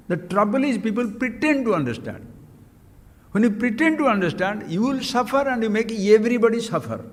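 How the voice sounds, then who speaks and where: A man giving a spiritual discourse as a teacher, emphatic and full of rhetorical questions. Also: sits high. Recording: long hall reverb.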